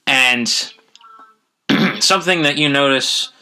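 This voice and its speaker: A man's voice: medium pitch, slow, bright, forceful tone, smooth. A man teaching a history lesson online, explaining slides in a conversational, thinking-aloud way. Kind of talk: casual online lecture over slides.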